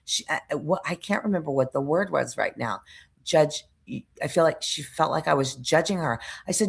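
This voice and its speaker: Vlogger: woman, very low gravelly voice, rambling frustrated storytelling. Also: lively intonation, normal speed. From United States. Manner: frustrated, rambling retelling with restarts and searching for words. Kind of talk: casual storytelling monologue.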